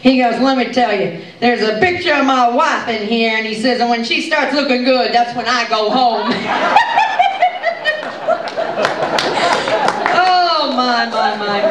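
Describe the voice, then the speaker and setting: A woman playing a folksy, giggly country comedienne, telling jokes in a live stand-up monologue on stage. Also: heavy background noise. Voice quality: high, bubbly voice with frequent giggles. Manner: chatty, gossipy country storytelling. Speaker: tribute comedian. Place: stage show in a hall. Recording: echoey hall, mic from far off.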